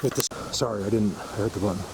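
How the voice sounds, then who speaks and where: A man filming an outdoor walking vlog in the woods, out of breath from a climb, talking excitedly and rambling straight to his viewers on a handheld camera. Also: lowish voice, fast, creaky, noisy background. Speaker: outdoor vlogger.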